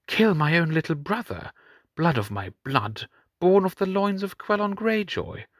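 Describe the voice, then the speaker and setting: A man voicing a mocking, cruel male pirate king who taunts slowly and slyly, with sudden high mocking lifts. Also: big pitch swings, dry recording, studio quality, full character voice. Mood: taunting.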